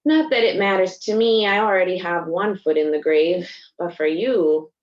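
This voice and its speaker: Gruff elderly grandfather, read by a woman; curt, low voice, muffled sound. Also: normal speed, lightly acted.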